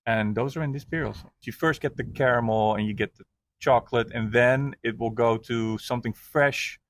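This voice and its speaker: A man's voice: mid-range voice, normal speed, slight background noise. A man, a brewer, explaining barrel aging at length in a casual tasting chat.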